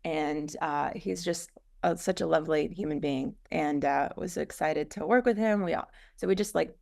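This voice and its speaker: A woman co-founder guest telling her story in a rambling, animated way in a casual interview. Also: low voice, normal speed, gravelly.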